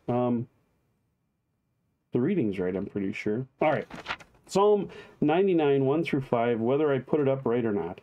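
A man's voice: mid-range voice, mellow. A man, a pastor, leading a live-streamed daily devotion, chatting with viewers by name and reading liturgy aloud.

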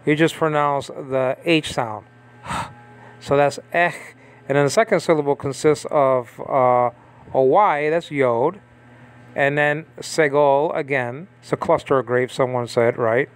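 A man giving a casual Bible language lesson, talking conversationally and checking in often with his listeners. He pauses and restarts as he reads text aloud from a screen. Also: medium pitch, fairly even intonation, clear, resonant tone. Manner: conversational, checks in with frequent "okay?" and "you understand?". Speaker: Bible teacher.

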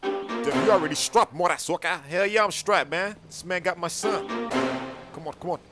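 A man's voice: high voice, moderate pace, music in the background. A man doing casual game role-play, talking urgently, worked up and slangy.

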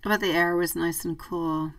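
The woman's lowish voice is fairly bright, with fairly even intonation and a normal speed. She is a tarot reader on a live stream, reading viewer comments warmly, calling people sweetie and often laughing. The rough recording was made from a distance.

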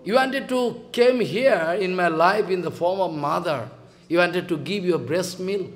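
A man's voice: sits high, measured pace. A man with a Bengali accent giving a devotional sermon as a spiritual teacher, emphatic and scolding, repeating phrases and acting out quotes.

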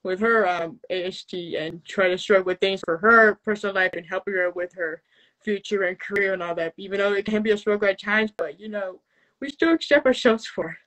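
A man voicing an earnest puppet friend, speaking haltingly with many restarts and getting emotional. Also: sits high, pushed and bright, low-quality recording. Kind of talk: live puppet show chat.

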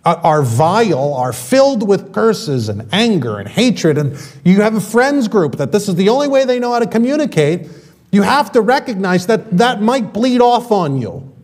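A male pastor preaching a sermon in a church, talking in a conversational way with quick asides. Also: high voice, big pitch swings, a little mellow. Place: church sanctuary.

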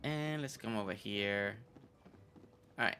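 A man's voice: lowish voice, takes it slowly, sharp tone, a little hiss or hum. A man streaming a game, chatting playfully with his viewers and joking around. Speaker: gaming streamer. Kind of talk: casual gameplay commentary. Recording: faint game music behind.

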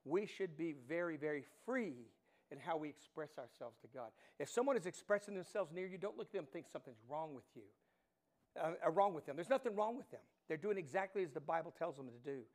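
A middle-aged man preaching a sermon as pastor, animated storytelling that swings from hushed to loud. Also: a little high, quick pace.

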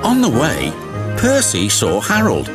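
A British man narrating a children's story in an expressive storytelling way. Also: medium pitch, unhurried. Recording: narration over music.

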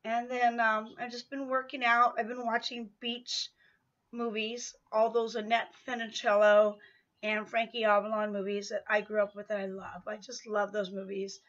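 A woman's voice: on the high side, flat delivery, moderate pace, fairly bright tone, dull audio. A woman chatting in a casual vlog update while pedaling an exercise bike at home, slightly out of breath and rambling with many fillers. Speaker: vlogger.

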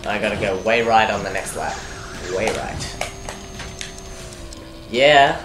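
A woman's voice: rumbling low, slow, long pauses, background noise. A young woman giving rambling, jokey let's play commentary, talking to herself as she plays. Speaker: gaming commentator. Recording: echoey room with game music behind.

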